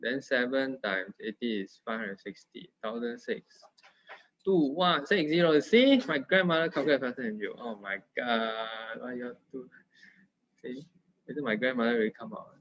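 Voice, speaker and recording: A man's voice: medium pitch, expressive, moderate pace, fairly bright tone. Playful Singaporean man tutoring math. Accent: Singaporean English. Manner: playful, teasing, coaxing. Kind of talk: casual tutoring session. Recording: dull lo-fi sound.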